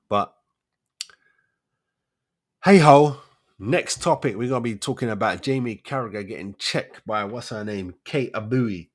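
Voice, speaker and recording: A man's voice: lowish voice, a little slow. A man, hosting a casual solo commentary show, firing off rhetorical questions in street slang. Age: 40s. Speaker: host of a debate show.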